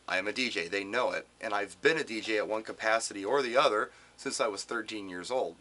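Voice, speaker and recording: A man's voice: lowish voice, fast, hardly any pauses. A middle-aged man from Wisconsin, a DJ giving casual advice to other DJs and acting out callers in changing voices. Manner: animated, acts out quoted callers in shifting voices.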